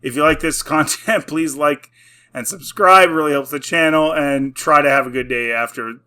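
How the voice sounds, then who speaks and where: Young man, bright forceful tone, slightly high voice, exasperated sarcastic rant, casual video review. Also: normal speed. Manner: exasperated, sarcastic, filler-heavy. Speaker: YouTube reviewer.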